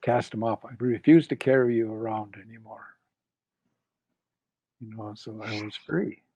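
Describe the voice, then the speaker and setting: Gravelly older man telling his story. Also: fairly low pitch, dark tone, no echo. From Canada. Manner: slow, reflective, retells quoted speech. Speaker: interview guest. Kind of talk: personal storytelling. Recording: dull lo-fi dry sound.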